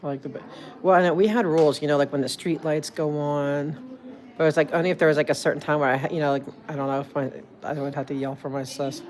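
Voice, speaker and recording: Woman, Jersey accent, low-pitched, rambling livestream chatter on a phone. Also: fairly even intonation, fast talker, darkish tone, a little hiss or hum. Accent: New Jersey. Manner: rambling and chatty, full of "like" and restarts. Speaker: streamer. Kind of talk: casual livestream chat.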